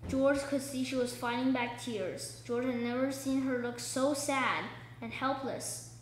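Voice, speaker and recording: A woman's voice: sits high, fairly even intonation, a little slow, reverberant, slight background noise, poor audio. A young woman reading a children's book aloud, stopping for chatty asides that explain the story. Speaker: book reader.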